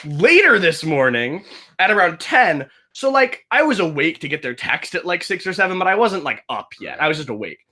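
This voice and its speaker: An animated young man chats on a casual podcast, his pitch sitting a little high and swooping all over as he tells a story. His voice has a bright, forceful edge, and he keeps restarting himself and slipping into the voices of the people in his tale. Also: normal speed. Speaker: game master and podcast host. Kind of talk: casual chat, telling a story.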